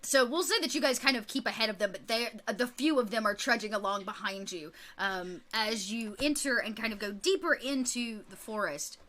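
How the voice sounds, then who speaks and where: A woman's voice: a little high, moderate pace, few pauses, pushed and bright. A woman narrating as game master of a tabletop game, chatty and full of fillers. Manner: chatty, frequent fillers and restarts.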